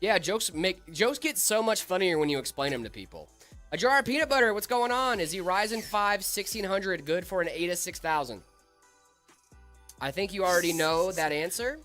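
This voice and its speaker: A man's voice: sits high, animated, normal speed, bright, forceful tone, soft background music. A young man co-hosting a casual live stream, joking and answering viewer chat. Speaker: stream co-host.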